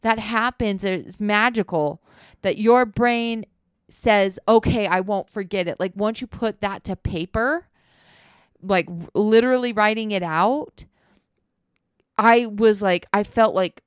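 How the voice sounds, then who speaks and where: A woman co-hosting a casual chat about her relationship, animated and laughing, swearing freely as she tells stories. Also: medium pitch, takes it slowly, clean tone, dry recording, clean studio sound. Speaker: co-host.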